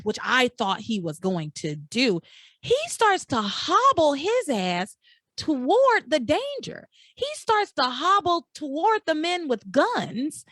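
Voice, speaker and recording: A woman's voice: on the high side, a bit bright, no room sound. A woman hosting a casual podcast, recapping a soap opera with incredulous, exaggerated outrage. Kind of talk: casual chat.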